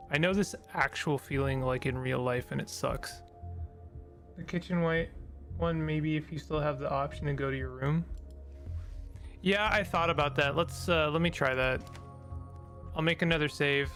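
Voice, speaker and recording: A chatty, excitable man walks through a story game, reading its text aloud and laughing between lines. His voice sits a little higher than most men's. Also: normal speed, pauses often, soft background music. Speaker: let's play host.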